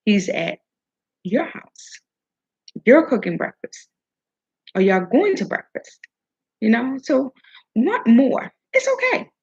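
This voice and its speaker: A woman's voice: a little high, very animated, slow, pauses often, darkish tone, slightly rough, muffled recording. A woman talking casually and preachily about self-worth and love, swearing now and then, with food in her mouth. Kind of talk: casual motivational talk.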